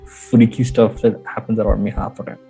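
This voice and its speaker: Man, low husky voice, dark mellow tone, rambling casual storytelling, podcast co-host. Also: little pitch movement, brisk, faint music behind, rough recording. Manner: rambling, with many fillers and restarts.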